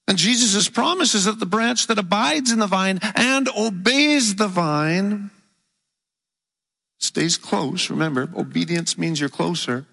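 A man with a raised, bright and forceful voice delivers a teaching sermon in a church. He explains point by point and draws out key words for emphasis. His voice carries a long reverb from the hall. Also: sits high, expressive, unhurried, creaky. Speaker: preacher.

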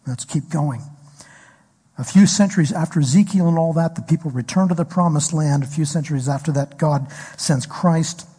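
A man's voice: on the high side, normal speed, dark tone, slightly rough. A man preaching a sermon as pastor, telling a story and asking the congregation questions. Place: church hall. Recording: echoey hall recording.

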